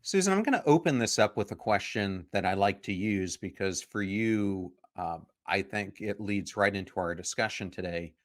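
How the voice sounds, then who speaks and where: Low-voiced male podcast host. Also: lively intonation, moderate pace, few pauses. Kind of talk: podcast intro and interviewing.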